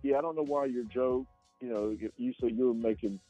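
A man's voice: medium pitch, a little fast, dark tone, faint music behind. A male actor being interviewed, speaking casually and hesitantly, with many ums and restarts. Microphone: radio show microphone. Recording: dull, lo-fi sound.

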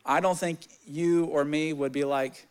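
A young man preaching a sermon, candid and animated, telling personal stories and reading scripture. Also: a little slow, smooth. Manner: candid and animated, swelling louder in stories, dropping low on scripture.

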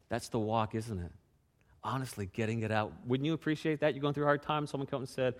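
A man's voice: mid-range voice, quick pace. Man preaching in a reverberant hall. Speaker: pastor. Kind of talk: sermon.

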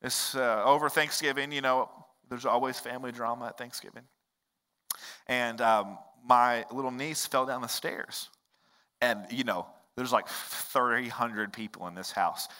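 A man's voice: mid-range voice, fairly even intonation, unhurried, sharp tone, in a large hall. A male pastor giving a sermon in an earnest, conversational way, with personal stories. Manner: earnest, conversational preaching with storytelling asides.

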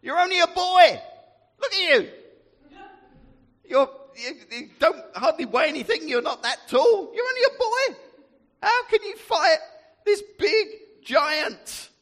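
A man's voice: very high-pitched, big pitch swings, unhurried, long pauses, fairly bright tone, voice pushed up, heavily acted. A man voicing a worried king who disbelievingly tells a boy he cannot fight, in a storytelling for a group. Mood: incredulous. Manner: pleading, incredulous. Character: doubtful anxious male king scolding a boy. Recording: echoey hall.

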